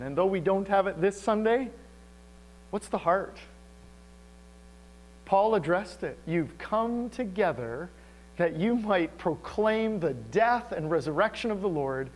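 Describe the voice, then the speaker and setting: A man preaching a sermon as pastor, animated and asking the congregation rhetorical questions. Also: sits high, low-quality recording.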